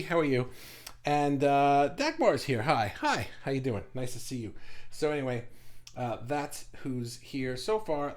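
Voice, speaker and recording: A man's voice: medium pitch, very animated, unhurried. A man hosting a casual live stream, greeting viewers and reading comments in a playful, teasing way while talking around a mint in his mouth.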